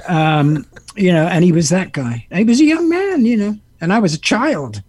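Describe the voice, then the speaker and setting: A man in his seventies, a guest actor and musician, telling animated stories with laughter and impressions in an interview. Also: high voice, normal speed, husky, no room sound. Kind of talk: interview storytelling.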